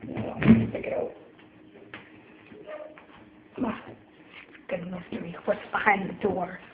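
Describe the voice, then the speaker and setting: A teenage girl joking loudly in slang, filming a casual video on her phone. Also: on the low side, fairly even intonation, takes it slowly. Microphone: phone camera. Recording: echoey lo-fi phone recording with hiss.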